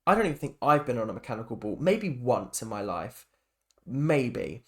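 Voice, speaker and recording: A man's voice: mid-range voice, very animated, normal speed, fairly bright tone. Chatty man ranting about TV. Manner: rambling, chatty, frequent fillers and restarts. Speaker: reality TV reaction vlogger. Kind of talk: casual opinion rant.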